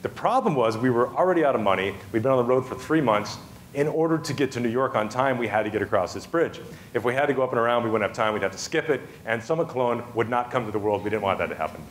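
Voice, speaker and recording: A man's voice: mid-range voice, a little hiss or hum. A man giving a humorous storytelling talk on a festival stage, chatty and self-amused, with many asides and restarts. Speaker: festival speaker.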